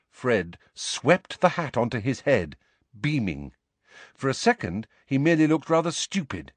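A man narrating an audiobook in an expressive, measured storytelling manner. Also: mid-range voice, dry recording.

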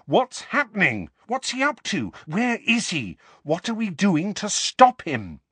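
A man voicing a furious, shouting teenage boy. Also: sits high, wildly swooping pitch, measured pace, breathy edge, dry recording, pitched above the performer's own voice, exaggerated voice. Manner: shouting angry questions.

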